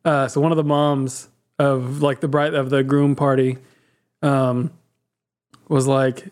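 A man's voice: medium pitch, level tone, takes it slowly, darkish tone. A man co-hosting a podcast in casual chat, a playful storyteller who acts out the people he quotes. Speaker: podcast co-host.

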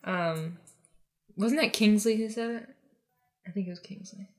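A woman's voice: mid-range voice, unhurried, a little mellow. A woman casually recapping a movie with a friend, rambling with lots of fillers. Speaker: podcast co-host.

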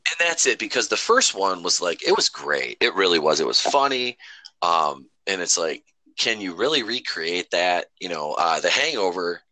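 A man's voice: low voice, normal speed, no echo. A man rambling and swearing casually as a podcast host. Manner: rambling, profane, animated storytelling. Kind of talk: casual chat.

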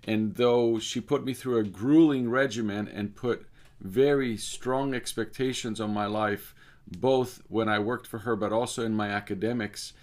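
This low-voiced Cypriot speaker and author tells a story from his own life slowly and deliberately, dwelling on details. His intonation stays fairly even, and his tone is darkish.

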